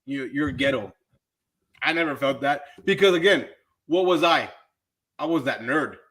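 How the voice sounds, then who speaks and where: A man's voice: medium pitch, normal speed, fairly bright tone. A man who is a teacher, talking as a podcast guest in earnest, casual chat, repeating words and saying "dude".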